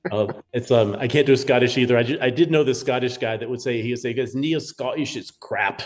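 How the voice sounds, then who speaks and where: A man from New Mexico, a guest in a casual interview, soft-spoken and reflective. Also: mid-range voice, fast talker, faint music behind. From New Mexico, USA.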